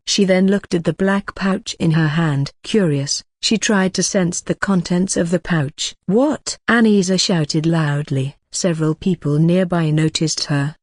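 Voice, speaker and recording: A man narrating an audiobook in measured, even scripted narration, with little change for the characters. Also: sits high, no echo, studio quality.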